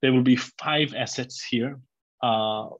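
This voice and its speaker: A man's voice: medium pitch, slow, no room sound, highs cut off. A man hosting a live online community address, rambling with many fillers and speaking straight to his listeners. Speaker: company host presenting a product.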